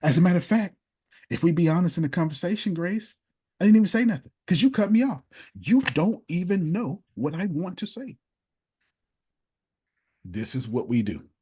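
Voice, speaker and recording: Animated husky-voiced male coach. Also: sits high, normal speed, long pauses. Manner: emphatic, preachy, repeats points for effect; casual, conversational grammar. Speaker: motivational speaker and business coach. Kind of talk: animated live coaching session.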